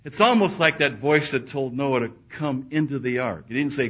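Husky, bright-toned male preacher. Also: medium pitch, fairly quick, hardly any pauses. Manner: swings between loud emphatic peaks and hushed quiet asides. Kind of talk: sermon. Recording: dull lo-fi recording.

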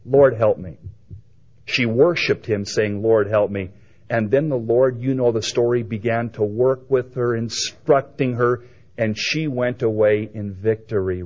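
A man preaching a sermon, swinging between loud emphatic lines and hushed quiet ones. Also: medium pitch. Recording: dull lo-fi recording.

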